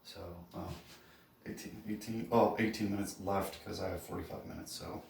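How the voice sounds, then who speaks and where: A man out of breath during a workout, counting reps and talking it through in a casual, halting way with lots of fillers. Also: lowish voice, steady tone, creaky, darkish tone, roomy sound, far from the mic, a little hiss or hum. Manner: talks between sets, counting reps, with fillers and pauses. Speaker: fitness vlogger.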